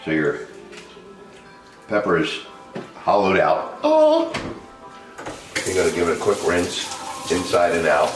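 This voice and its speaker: A very low-pitched man chats his way through a home cooking demo, easygoing and quick to laugh. His voice bounces around a reverberant kitchen while music plays clearly behind him. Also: huge pitch swings. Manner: chatty and loose, laughs often, talks to camera crew. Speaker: home cook vlog host. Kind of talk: casual cooking demonstration.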